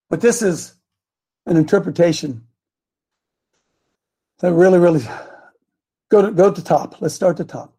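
Husky high-voiced preacher guy, fired up, folksy, shouts the scripture bits. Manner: fervent, rising to shouts on scripture, folksy asides. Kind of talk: sermon.

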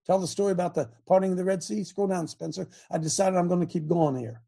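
A man's voice: high voice, steady tone, fast talker, creaky, mellow. An older man preaching a sermon in a fiery way, firing rhetorical questions at his congregation.

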